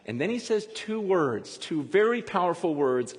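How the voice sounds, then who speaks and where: A man preaching a sermon in a lively, conversational way, often breaking into quick laughs. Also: high-pitched, in a large hall. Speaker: pastor.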